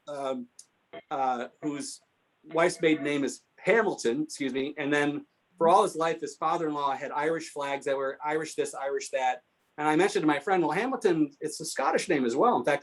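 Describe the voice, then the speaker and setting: In a Q&A at a history talk, a man answers with anecdotes, speaking at a moderate pace in a somewhat high voice. As a guest speaker on local history, he's lively and mimics the voices of the people he cites.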